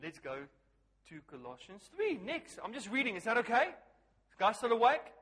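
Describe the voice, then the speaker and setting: A man preaching a lively sermon, asking the crowd questions and swinging from hushed to loud. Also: extremely high pitch, normal speed, breathy edge, long reverb tail.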